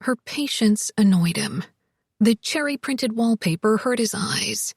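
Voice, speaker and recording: A woman reading an audiobook in a measured, even storytelling manner, close to the microphone. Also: on the high side, slightly rough, no echo. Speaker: audiobook narrator. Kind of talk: scripted audiobook narration.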